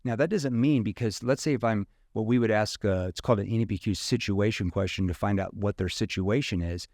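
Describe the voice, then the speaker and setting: A man's voice: on the low side, a little fast, a little mellow, dry recording, clean studio sound. A man, a sales trainer guest, explaining his method in casual interview talk, dotting sentences with "you know" and "right?".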